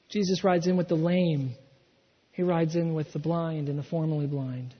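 Man, pastor, sermon, high-pitched, husky, animated storytelling, echoing church, muffled recording. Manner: animated storytelling, acts out quotes, swings from loud to hushed. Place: church sanctuary. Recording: dull sound in a reverberant hall.

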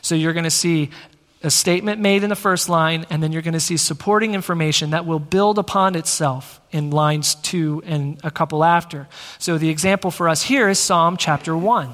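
A man preaching a teaching sermon in a church, energetic and conversational, talking straight to the congregation. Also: fairly high pitch, normal speed. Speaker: pastor. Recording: long reverb of a large hall.

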